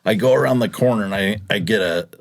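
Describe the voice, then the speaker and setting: A man's voice: lowish voice, fast, gravelly, no room sound. A middle-aged man telling a rideshare story in casual chat, acting out passengers' lines as he goes. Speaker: podcast guest, rideshare driver.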